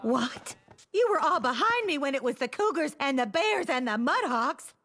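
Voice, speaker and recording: An actress voicing a proud, overconfident female teacher in an animated sitcom, talking in a pompous, self-assured way. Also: high voice, moderate pace. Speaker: cheerleading coach.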